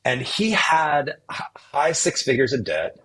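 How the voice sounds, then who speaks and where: Husky-voiced man telling his story. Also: mid-range voice, a little slow. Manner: animated storyteller who acts out what others said. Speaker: podcast guest. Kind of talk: casual storytelling interview.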